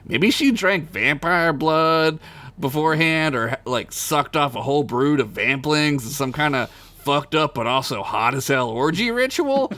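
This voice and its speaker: A man's voice: on the high side, lively intonation, a little slow, bright, forceful tone. A man reading his own crude comic story aloud for a podcast, giggling at his jokes and tripping over made-up names. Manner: stumbles over invented names.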